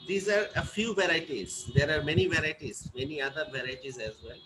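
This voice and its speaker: A man's voice: on the high side, expressive, brisk, noisy background. A man lecturing a class, often repeating points and checking that students follow. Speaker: teacher.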